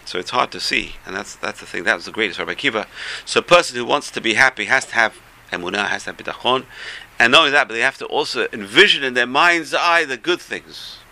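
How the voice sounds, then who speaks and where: A man giving a storytelling Torah talk, animated, swinging between loud bursts and soft asides, with a gravelly voice. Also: medium pitch, quick pace.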